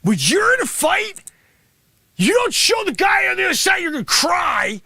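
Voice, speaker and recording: A man playing a brash, greedy male martial arts sensei in an improvised comedy bit, boasting and berating his students with loud shouted bursts. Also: very high-pitched, sing-song, moderate pace, creaky, no echo, pitched above the performer's own voice, exaggerated voice. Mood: boastful. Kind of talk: improvised comedy character monologue.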